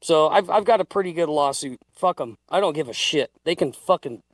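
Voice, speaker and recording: A man's voice: fairly high pitch, expressive, brisk, dry recording. A man telling a heated, profane story in a casual livestream chat. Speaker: guest.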